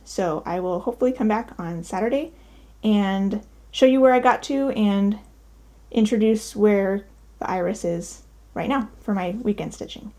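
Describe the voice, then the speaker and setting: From her daughter's bedroom, a breathless woman casually chats about her cross-stitch projects for a show-and-tell vlog, upbeat and heavy on the ums. Her voice is mid-range and dark, at a normal speed.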